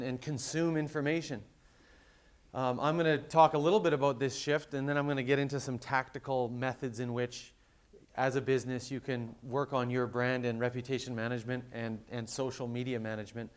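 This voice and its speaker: A man's voice: medium pitch, smooth. Canadian man giving a conference talk. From West Coast of Canada. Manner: conversational, often restarts mid-phrase with fillers. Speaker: conference speaker. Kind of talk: conference presentation.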